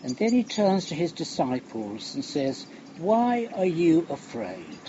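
Older male preacher, unhurried and reflective, hushed on key lines; dull recording, noise behind. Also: fairly high pitch, sing-song. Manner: slow, reflective, drops to a hush on key phrases. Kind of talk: sermon. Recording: muffled recording with background noise.

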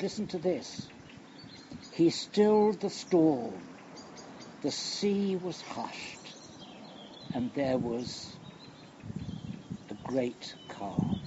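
A man, older, preaching a sermon in a slow, reflective way, letting phrases fall quiet and hushed. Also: a little high. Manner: slow, reflective, with long pauses and hushed endings. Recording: dull lo-fi recording with faint outdoor noise.

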